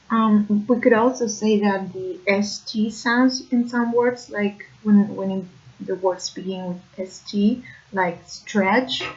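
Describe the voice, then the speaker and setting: A woman's voice: medium pitch, highs cut off. A woman explaining accent features in a video lesson, hesitant and careful, with many fillers. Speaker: accent coach.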